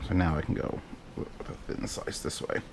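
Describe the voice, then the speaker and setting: A man's voice: moderate pace, background noise. A man chatting casually and rambling with profane, self-mocking asides while he cooks in his home kitchen. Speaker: cooking vlogger. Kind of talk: casual cooking vlog chat.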